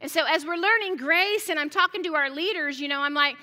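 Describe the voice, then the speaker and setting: A middle-aged woman pastor preaches in a high, bright, forceful voice. She tells stories in a chatty way, restarting her sentences and slipping in jokey asides. Her voice carries the long reverb of a church hall. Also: fairly quick. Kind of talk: sermon.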